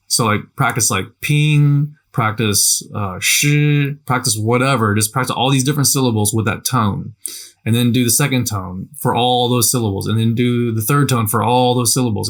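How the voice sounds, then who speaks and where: A man's voice: medium pitch, a bit bright. A man giving a casual lesson on language practice in a conversational way, often repeating himself and asking "right?". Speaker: language teacher. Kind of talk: casual instructional talk.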